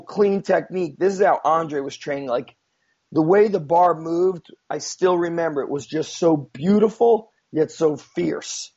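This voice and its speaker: A man's voice: fairly high pitch, darkish tone. A man telling a story as a guest in a casual, rambling way, with many fillers and frequent swearing, on a dull lo-fi recording. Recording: dull lo-fi sound.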